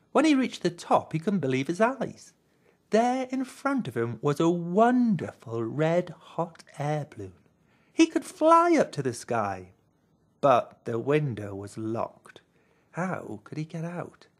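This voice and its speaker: A narrator reading a children's picture book aloud in a deliberate, expressive way. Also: mid-range voice.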